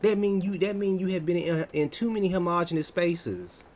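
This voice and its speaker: An American man in his thirties, chatting casually on a livestream, answering viewers in an animated, teasing way. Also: sits high, normal speed. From United States. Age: 30s. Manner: animated, teasing, laughs often.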